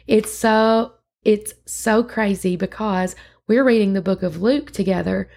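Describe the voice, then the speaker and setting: A woman's voice: medium pitch, unhurried, creaky, darkish tone. A woman podcast host recapping a church sermon in casual, earnest chat, with frequent fillers and restarts.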